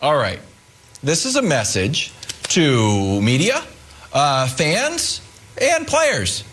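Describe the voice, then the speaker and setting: Scolding high-pitched man lecturing. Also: wildly swooping pitch, slow, fairly bright tone. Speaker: sports debate co-host. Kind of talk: heated sports debate.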